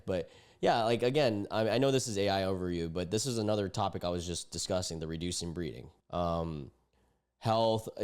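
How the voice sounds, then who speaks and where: Animated young man reacting to posts. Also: lowish voice. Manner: animated, indignant, slangy. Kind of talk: casual reaction commentary.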